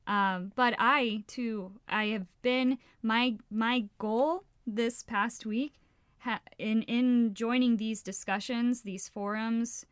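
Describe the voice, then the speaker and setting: A woman's voice: on the high side, steady tone, slow pace, clean tone, no room sound, studio quality. A woman co-hosting a casual podcast, talking frankly and with feeling, swearing freely and often restarting her sentences. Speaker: podcast co-host.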